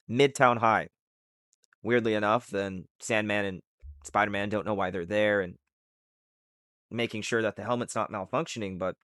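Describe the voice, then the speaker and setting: A man's voice: lowish voice, a bit bright, no room sound. Rambling man recapping a comic, dry sound. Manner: loose and rambling, with many fillers. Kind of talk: casual comic book recap.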